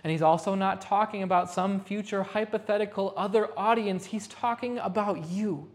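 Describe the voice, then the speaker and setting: A woman pastor delivering a Sunday sermon in a rehearsal hall, repeating phrases and slowing down to stress key lines. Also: medium pitch, darkish tone. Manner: emphatic repetition, slowing for stress.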